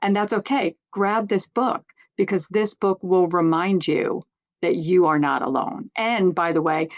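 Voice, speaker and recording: An earnest woman guest speaking encouragingly straight to listeners. Her voice is slightly low, heard close and dry. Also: measured pace, dry recording. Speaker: sports media executive, guest. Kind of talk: conversational interview.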